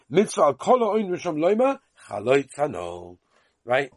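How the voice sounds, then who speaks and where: A man's voice: a little high, wildly swooping pitch, normal speed, a little mellow, breathy edge, dry recording, clean studio sound. A man teaching Talmud in Yeshivish English with a Yiddish lilt, chanting the text in sing-song and then explaining it. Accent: Yiddish-inflected Yeshivish English. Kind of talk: chanting and translating a Talmud lesson.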